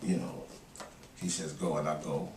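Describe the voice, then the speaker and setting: A man's voice: very deep voice, level tone, moderate pace, darkish tone, a little hiss or hum. A middle-aged man, a guest in a casual interview, telling jokes and rambling stories with frequent laughter. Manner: laughing, joking, rambling storyteller. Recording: echoey room, mic far off, faint ambience.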